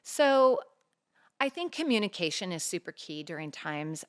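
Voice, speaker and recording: In casual podcast chat, a middle-aged woman co-host earnestly tells a personal story on her talk show, bringing it to life by performing the quoted dialogue. She speaks at normal speed, her voice on the low side.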